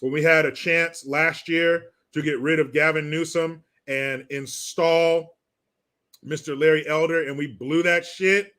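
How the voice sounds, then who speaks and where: A man rants on a livestream in blunt, profane, mocking talk, stopping now and then to read out viewer comments. His voice sits a little high and sounds bright and forceful. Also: fairly even intonation, measured pace. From California. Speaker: livestream host reading chat. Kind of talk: casual political rant.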